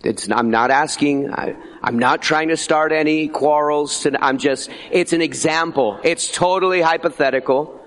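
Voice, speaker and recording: A middle-aged man preaching a sermon as pastor, animated and conversational, slipping into acted asides. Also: a little high, moderate pace.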